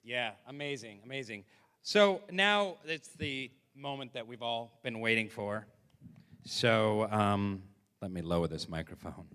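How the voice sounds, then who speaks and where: A male emcee introduces the acts from a theatre stage with deadpan, joking hype. His voice is mid-pitched but bright, and the big hall lets it ring out with a long reverb. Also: unhurried, clean tone. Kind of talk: live show emcee introductions. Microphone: stage microphone.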